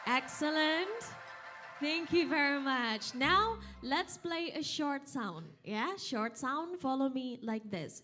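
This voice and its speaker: A young Indonesian woman whose first language is Sundanese, leading an audience workshop as an instrument instructor in a lively, coaxing way, counting out and calling commands. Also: sits high, takes it slowly, soft background music. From West Java, Indonesia. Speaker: angklung instructor. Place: hotel event hall.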